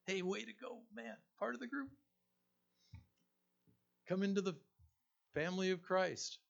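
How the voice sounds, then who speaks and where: A man's voice: sits high, unhurried, gravelly, pitched above the performer's own voice, full character voice. A man voicing a cheerful male churchgoer who congratulates a newcomer heartily. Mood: cheering. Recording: dull lo-fi recording.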